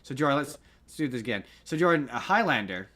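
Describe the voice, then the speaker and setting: A man's voice: mid-range voice, sing-song, quick pace, sharp tone. A man co-hosting a podcast, chatting casually about films, rambling and correcting himself as he goes. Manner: rambling, self-correcting, jokey. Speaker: podcast co-host. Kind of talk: casual movie chat.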